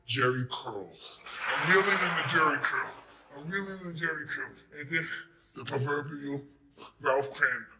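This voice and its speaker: A man's voice: on the high side, normal speed, vocal fry, bright, forceful tone, roomy sound, low-quality recording. A middle-aged man with a Brooklyn accent tells his own story in a live one-man stage show. He talks crudely and acts out the scenes. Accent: New York, Brooklyn.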